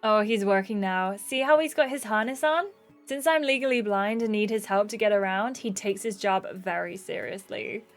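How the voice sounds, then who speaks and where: A woman voicing a friendly, chatty young woman who has a guide dog, in a warm, teasing manner. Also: medium pitch, normal speed, faint music behind, close to an everyday voice.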